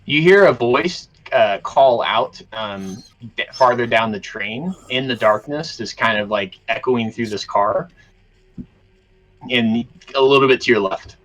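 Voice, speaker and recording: Acting as game master for a tabletop role-playing game, a man narrates scenes in a relaxed, descriptive way. His pitch is medium, his pace measured, and he leans on fillers often.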